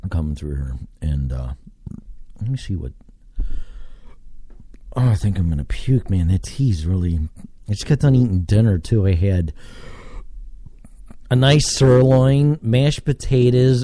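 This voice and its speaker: A man's voice: deep voice, lively intonation, normal speed, pauses often, mellow, breathy edge, dry recording. A man from Texas, hosting a casual solo podcast from his basement and rambling as he thinks aloud, with casual swearing. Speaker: podcast host. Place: home basement.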